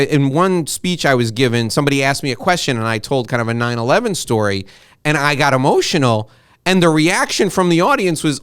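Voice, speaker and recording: A middle-aged man hosts a casual interview, his voice smooth and resonant, recorded close and dry. He talks in long, rambling stretches full of asides and restarts, openly emotional. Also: mid-range voice, a bit bright, no room sound. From United States. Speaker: podcast host and interviewer.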